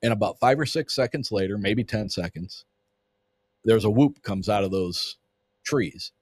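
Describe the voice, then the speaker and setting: Man, husky voice, lowish pitch, casual storytelling, swears freely, acts out the quotes. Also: unhurried. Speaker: podcast guest.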